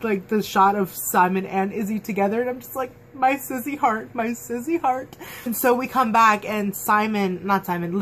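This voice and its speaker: A woman in a casual fan review, chatting at home in an excitable, gushing way full of fillers. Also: mid-range voice. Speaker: TV episode reviewer. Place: at home, dog nearby.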